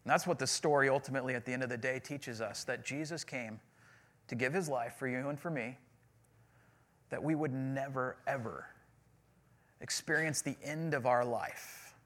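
A man's voice: medium pitch, moderate pace, a bit bright. A man in his forties preaching a sermon in a casual, storytelling way with self-deprecating humor. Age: 40s. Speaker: pastor.

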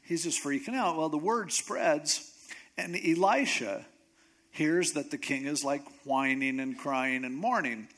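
Animated storytelling male pastor. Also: on the high side. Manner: animated storytelling, acting out characters in quick asides. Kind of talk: sermon.

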